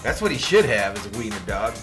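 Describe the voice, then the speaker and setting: A man with a fairly low voice talks fast over background music as he hosts a fan watch party. Calling plays live and reading chat names aloud, he's animated and quick to joke with his viewers.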